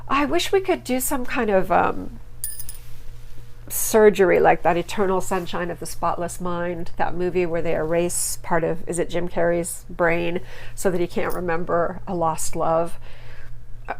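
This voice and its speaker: A woman hosting a casual TV recap podcast, chatting and gossiping with lots of ums, and jumping high on her punchlines. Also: vocal fry. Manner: animated, with sudden high jumps on punchlines. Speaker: podcast host.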